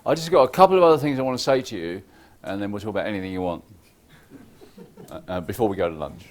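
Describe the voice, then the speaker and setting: A man's voice: on the low side, quick pace, a little hiss or hum. Irreverent man giving a conference talk. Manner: lively, irreverent, joking with the audience; acts out clients' lines in quoted voices. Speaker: conference speaker. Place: conference hall.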